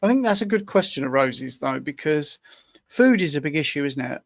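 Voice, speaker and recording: Gravelly man in his sixties, rambling. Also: on the high side, very animated, brisk, no echo, clean studio sound. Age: 60s. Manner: rambling, anecdotal explainer with many restarts. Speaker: co-host answering questions. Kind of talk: casual live Q&A chat.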